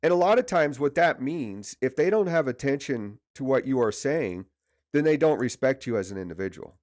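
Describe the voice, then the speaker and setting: A man's voice: medium pitch, lively intonation, moderate pace, a little mellow, no room sound, clean studio sound. A man leading a livestream leadership training session, speaking conversationally and repeating words for emphasis. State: stiff neck from poor sleep. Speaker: leadership coach.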